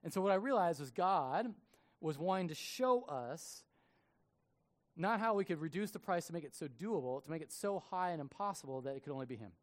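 Male pastor, sermon, animated storytelling, lively voice. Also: a little high, fairly quick. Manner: animated storytelling with acted quotes.

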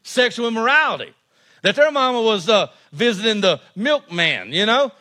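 A man preaching a sermon to his congregation, animated and expressive, swinging between loud emphatic lines and hushed ones. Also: high voice, normal speed. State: out of breath. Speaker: pastor.

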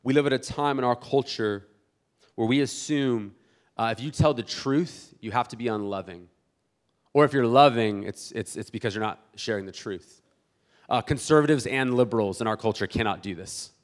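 Animated male pastor preaching. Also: medium pitch, normal speed. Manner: animated, acts out imagined church members; many restarts and repeated words. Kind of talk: sermon.

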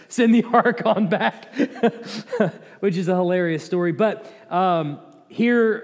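A man's voice: high voice, a little mellow. A man teaching a Bible lesson in a conversational way, with restarts and dry asides. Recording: long hall reverb.

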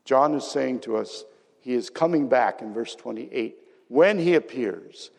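A man preaching a sermon with great passion, swinging between excited bursts and hushed, low passages. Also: normal speed, gravelly. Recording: long reverb of a large hall.

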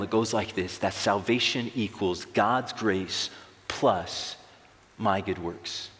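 A man's voice: lowish voice, fairly bright tone. A young man preaching a sermon to a large room, emphatic and building intensity on key phrases. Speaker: pastor. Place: large room with long reverb. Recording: echoey hall reverb.

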